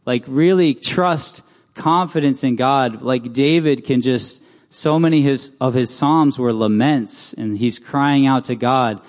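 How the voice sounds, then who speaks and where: A man's voice: mid-range voice, slow, darkish tone. A man giving a casual, conversational sermon in a church, often putting questions to the congregation. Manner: casual, asks the crowd questions. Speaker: preacher. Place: church hall. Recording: long hall reverb.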